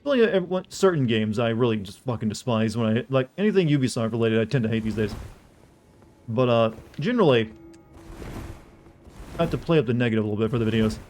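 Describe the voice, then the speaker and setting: A male game streamer from the American South, talking casually and swearing freely. He chats with his viewers in a relaxed, offhand way while he plays. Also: medium pitch, quick pace, long pauses. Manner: loose and profane, chatting with viewers while playing. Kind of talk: casual livestream commentary.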